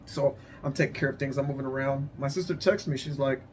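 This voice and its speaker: A man telling a personal story as unscripted testimony, emotional and halting, repeating his phrases and sighing. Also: medium pitch, steady tone, a little hiss or hum. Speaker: vlogger sharing a personal story.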